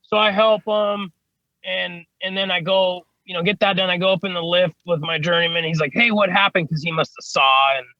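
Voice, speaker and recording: A man's voice: high voice, steady tone, moderate pace, no echo, highs cut off. A man, an HVAC service tech, telling stories casually in an interview, rambling with lots of "you know what I mean" and casual swearing. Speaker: HVAC service technician, podcast guest.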